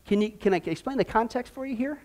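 Male preacher, very high voice, emphatic and animated delivery. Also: quick pace. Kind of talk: sermon.

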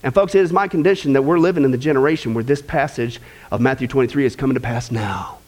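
A man preaching a sermon in an animated way, acting out the voices of the people he quotes. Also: mid-range voice, fast talker.

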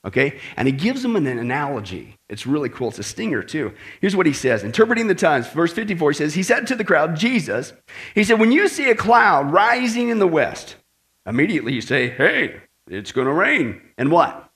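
A man preaching a sermon, animated, acting out the voices he quotes. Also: fairly high pitch, a little fast. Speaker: pastor.

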